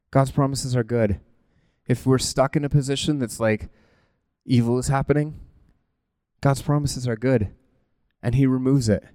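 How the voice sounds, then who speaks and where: A man preaches a conversational sermon in an animated, informal style, often breaking off mid-thought and laughing at himself. His medium-pitched voice is clear and resonant, with no echo.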